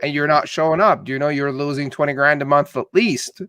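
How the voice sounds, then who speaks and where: A man's voice: a little high, fairly quick, fairly bright tone, clean tone, dry recording, clean studio sound. A man hosting a casual interview and agreeing often with short affirmations. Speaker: podcast host.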